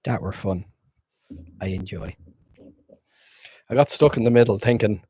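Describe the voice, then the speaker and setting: A man's voice: sits low, expressive, measured pace, pauses often, a little mellow, breathy edge, dry recording. A man streaming as game master, wrapping up a tabletop session in loose, rambling casual chat with frequent swearing.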